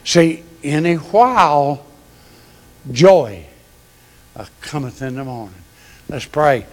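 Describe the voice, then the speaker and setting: A man's voice: a little high, lively intonation, slow pace, long pauses. An older man preaching a folksy, homespun sermon in a church, chuckling between phrases. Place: church sanctuary. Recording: long church hall reverb.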